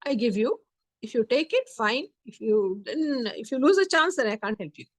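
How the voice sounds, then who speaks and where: Woman reading a young sure-of-himself sage, firm, fairly high voice. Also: big pitch swings, normal speed. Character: young confident male sage.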